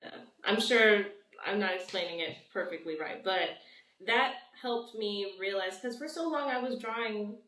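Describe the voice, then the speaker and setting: A young woman appears as a guest artist in a casual interview, rambling and filling her sentences with "like." Her mid-range voice is bright and forceful at a normal speed. The recording sounds roomy, with her voice set back from a distant mic.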